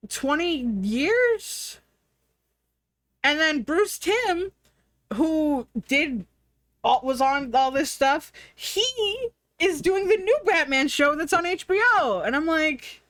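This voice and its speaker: A woman streamer chatting casually, full of fillers and "like", acting out her own thoughts in lively quoted asides. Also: sits high, slow pace, pauses often, no room sound, clean studio sound. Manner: frequent fillers and "like". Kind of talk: casual rambling chat.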